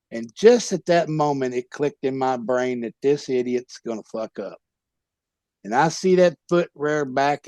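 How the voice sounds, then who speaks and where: A former pro wrestler telling a rowdy, profane story as a podcast guest. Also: male voice, a little high, no echo. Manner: profane, loud tall-tale telling. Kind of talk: animated comic storytelling.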